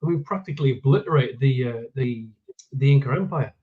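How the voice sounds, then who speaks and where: A man's voice: mid-range voice, brisk, narrow, tinny audio. A man chatting casually as co-host, hesitating and often repeating words. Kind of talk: casual chat.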